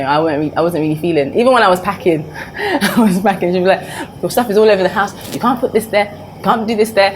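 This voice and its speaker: A young woman talks to her camera in a loose, chatty way, full of fillers and restarts. Her voice sits a little low for a woman. She speaks openly and personally, with a faint hiss behind her. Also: poor audio. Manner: open and personal. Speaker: vlogger. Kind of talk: casual chat to camera.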